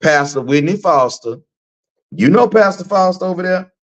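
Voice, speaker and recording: Ranting profanely to viewers on his live stream, this middle-aged host from Texas is animated and preachy, hammering points through repetition. He has a high voice at a moderate pace, captured in dull audio.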